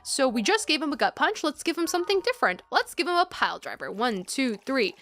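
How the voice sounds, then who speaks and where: A woman's voice: sits high, big pitch swings, brisk, fairly bright tone, faint music behind. Chatty woman at her desk. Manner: chatty, giggly, talks to her cat. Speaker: let's play host. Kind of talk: casual let's play commentary. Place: home desk. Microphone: headphones with desk mic.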